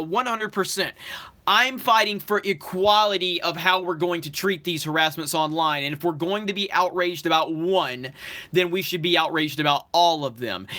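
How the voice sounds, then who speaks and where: Hosting a live stream, a man reads viewer comments aloud one by one, thanking viewers and answering in a casual, talkative way. His voice is a little high, pushed and bright.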